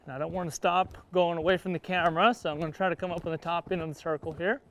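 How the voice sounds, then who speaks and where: Talking fast in a steady, a little high and somewhat bright voice, this man gives a riding lesson from horseback in an outdoor arena. He coaches the horse with brief words and explains to viewers in plain-spoken cowboy language, with a touch of background noise.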